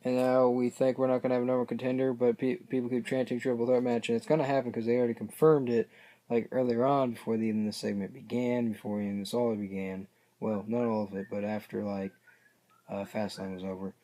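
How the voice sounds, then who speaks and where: A man's voice: mid-range voice, flat delivery, fast talker, mellow. A man casually recapping a show, rambling and hesitant, often losing his place mid-sentence. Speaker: wrestling reaction vlogger.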